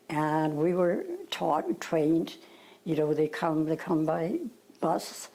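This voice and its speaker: An older Irish woman recalls her past in a rambling, hesitant way, full of fillers and asides. Her voice is gravelly and husky, with a mellow, dark tone, and her pitch sits on the low side for a woman. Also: poor audio. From Ireland. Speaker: interviewee. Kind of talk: reminiscing storytelling.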